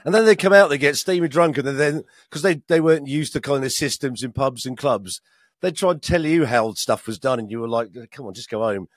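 A man's voice: medium pitch, a little fast, no room sound, studio quality. A British man co-hosting a podcast, rambling casually and laughing often. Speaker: podcast co-host. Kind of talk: casual chat.

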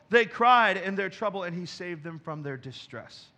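Pastor guy preaching a sermon on stage, bright kinda high voice, gets loud and emphatic then drops quiet. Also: animated, normal speed. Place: church stage.

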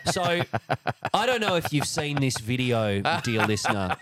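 A man co-hosting a sports podcast, introducing a news story in halting casual chat with dry joking asides. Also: mid-range voice, sing-song, fairly bright tone. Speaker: podcast co-host.

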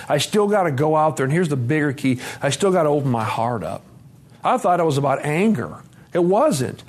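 A man, sharing a raw, profane, confessional recovery story at a conference. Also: mid-range voice. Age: 40s. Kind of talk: emotional personal testimony. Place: conference room.

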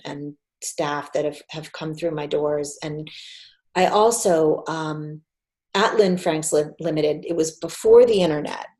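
Casting note: woman, forties, animated storyteller guest, slightly low voice. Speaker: podcast guest, PR agency founder. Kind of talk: casual storytelling interview.

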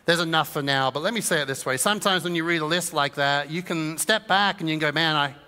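A man's voice: a little high, quick pace, sharp tone, clear, resonant tone. A man preaching a sermon as pastor, conversational and humorous, acting out little voices of his listeners. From England. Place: church auditorium. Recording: church hall reverb.

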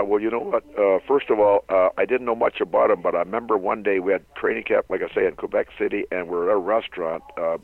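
A man's voice: fairly low pitch, creaky. An older man from Canada, a former hockey player, telling long anecdotal stories as an interview guest, laughing often. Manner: rambling anecdotal storyteller who laughs often. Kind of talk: storytelling interview. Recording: tinny phone-line sound.

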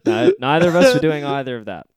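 A man's voice: fairly high pitch, no room sound. A young man co-hosting a podcast, swearing and laughing a lot in casual banter. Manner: sweary, laughs often, animated. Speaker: podcast co-host.

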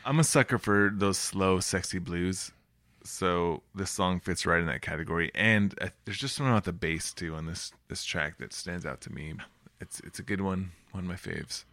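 A man's voice: deep voice, normal speed, fairly bright tone, no echo, clean studio sound. A man co-hosting a music podcast, explaining his picks in an easygoing, casual way. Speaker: podcast co-host.

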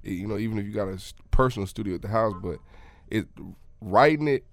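A man from Mississippi who works as a studio engineer co-hosts a music podcast. He explains things in an easygoing way, full of fillers, with a somewhat low voice. The sound is dry and close, with no room echo. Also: quick pace. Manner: laid-back, explanatory, many fillers. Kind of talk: casual chat.

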